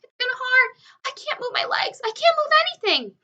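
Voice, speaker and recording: A woman's voice: very high-pitched, big pitch swings, brisk, pushed and bright, lo-fi sound, voice pushed up, full character voice. Woman voicing a shrieking panicked centipede. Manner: shrieking, wailing. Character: panicking shrill male centipede creature.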